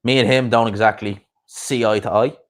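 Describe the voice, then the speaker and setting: A man's voice: lowish voice, steady tone. A young man, chatting casually and rambling on a live stream as its host. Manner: rambling, chatty, quick asides and laughs. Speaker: YouTube boxing streamer.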